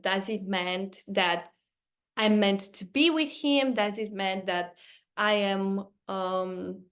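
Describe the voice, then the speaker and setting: Earnest woman host telling a personal story. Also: mid-range voice. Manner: earnest and animated, quick bursts when excited. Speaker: podcast host.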